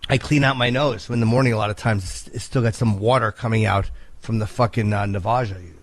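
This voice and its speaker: A radio co-host voicing a sleepy, nose-blowing middle-aged man in a headband and sweatbands, with a husky, drowsy voice. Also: lowish voice, fairly even intonation, quick pace, dry recording, close to an everyday voice. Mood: oblivious. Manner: drowsy, cheerfully oblivious, keeps sniffling. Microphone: studio microphone.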